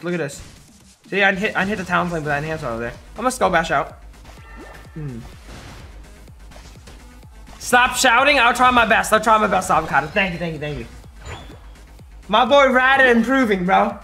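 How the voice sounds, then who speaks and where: A hoarse man streaming a game, giving hyped, trash-talking live commentary to his chat. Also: high-pitched, lively intonation, normal speed, pauses often, bright, forceful tone, soft background music.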